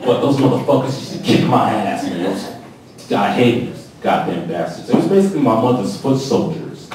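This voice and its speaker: A young man in his twenties rambling through a profane stand-up set, a little tipsy, his pitch swinging up and down as he talks. The club sounds very echoey and he is heard from a distance across the room. A crowd murmurs and reacts clearly behind him. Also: sing-song, moderate pace, a little mellow, slight background noise. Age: 20s. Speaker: stand-up comedian. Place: comedy club stage. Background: audience reactions.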